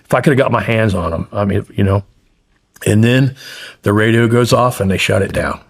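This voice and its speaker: Middle-aged male guest, gravelly and husky, blunt and profane in his storytelling. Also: on the low side, fairly quick. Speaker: guest, former hostage. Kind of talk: podcast interview storytelling.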